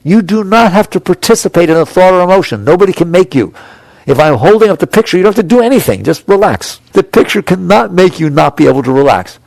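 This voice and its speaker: A man's voice: high voice, lively intonation, fast, creaky, a little mellow, dry recording. A man giving a conversational spiritual talk to an audience, acting out inner voices with small chuckles. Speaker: spiritual teacher.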